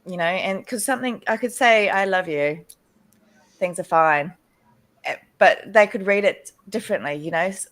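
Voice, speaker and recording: A woman's voice: medium pitch, moderate pace, fairly bright tone. A woman in a recovery meeting, speaking candidly and rambling a little, laughing now and then. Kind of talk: casual recovery group chat.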